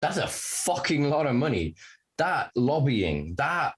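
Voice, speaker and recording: A man talking as a guest on a podcast, loose and conversational. He rants with heavy swearing, pushes his points hard, and laughs darkly at grim facts. His voice sits at an ordinary middle pitch. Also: slow. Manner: animated, profane ranting; laughs to cope.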